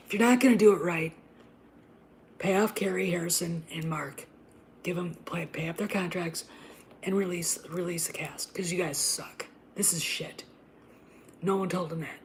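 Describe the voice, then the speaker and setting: A woman's voice: on the low side, a little mellow, a little hiss or hum. Profane ranting woman host. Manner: profane, emphatic, repeats itself; drops to an unvoiced whisper and back. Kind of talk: ranting casual commentary.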